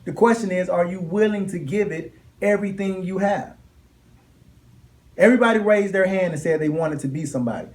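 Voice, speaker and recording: A man's voice: high-pitched, brisk. Emphatic young man giving a motivational speech. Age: young adult. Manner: emphatic, repeats key lines with rising intensity. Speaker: motivational speaker. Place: classroom.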